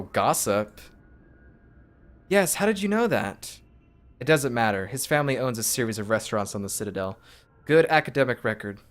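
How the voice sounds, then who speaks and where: A man streaming a game, casually reading its text aloud in his own voice with asides. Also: mid-range voice.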